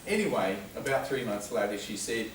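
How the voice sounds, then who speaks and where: A man's voice: lowish voice, big pitch swings, brisk, heavy background noise. Man lecturing from a distant mic. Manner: conversational, anecdotal storytelling. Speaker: speaker at a men's health talk. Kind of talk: informal lecture. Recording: roomy hall, distant mic, faint ambience.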